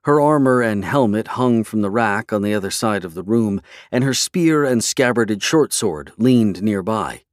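A man narrating a fantasy novel in a measured, even storytelling way. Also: lowish voice, dry recording, clean studio sound. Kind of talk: scripted fantasy audiobook narration.

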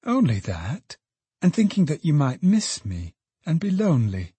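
A man reading an audiobook, voicing a gentle young woman who is soon to be married, speaking softly and tenderly to her father. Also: fairly high pitch, wildly swooping pitch, measured pace, breathy edge, no echo, voice pushed up, heavily acted. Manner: soft, tender and teasing. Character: young woman, gentle bride-to-be, affectionate daughter.

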